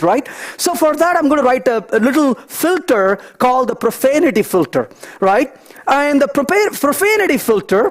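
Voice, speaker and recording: A man giving a technical conference talk, walking through live code and telling lively anecdotes as he thinks aloud. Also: very high voice. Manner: animated, storytelling asides, thinks aloud. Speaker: conference speaker.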